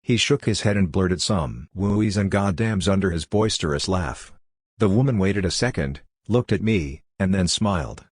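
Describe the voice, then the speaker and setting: A man's voice: low voice, normal speed, slightly rough, no echo. A man giving a wry, matter-of-fact first-person audiobook narration into a close mic.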